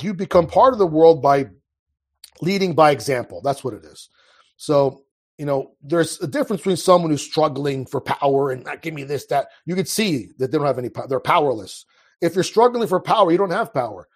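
A man's voice: on the high side, expressive, a little fast, husky. A man speaking as a guest in a casual conversation, earnest and impassioned, often restarting his sentences. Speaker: podcast guest.

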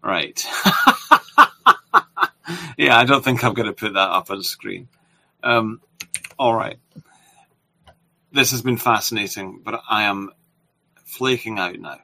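A male podcast host with a low voice but a strikingly bright, sharp tone. He speaks in a polite, wry, low-key way, winding the conversation down with dry humour. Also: slow pace, long pauses. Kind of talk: casual interview chat.

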